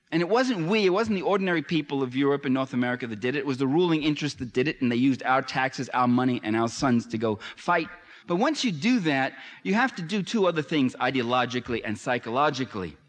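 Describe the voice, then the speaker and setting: A man giving an impassioned public lecture, emphatic, with sardonic asides and fervent peaks. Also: medium pitch. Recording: long hall reverb.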